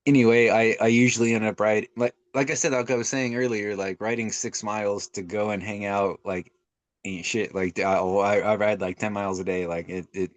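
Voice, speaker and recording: A man's voice: on the low side, no room sound. A young man chatting casually on a podcast, laid-back and rambling with lots of restarts. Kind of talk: casual chat.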